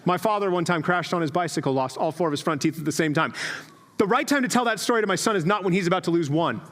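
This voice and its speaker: A man in his thirties preaching a sermon as a pastor, telling stories in a conversational, self-deprecating way with quick asides. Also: sits high, a bit bright. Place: church sanctuary. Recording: long reverb of a church hall.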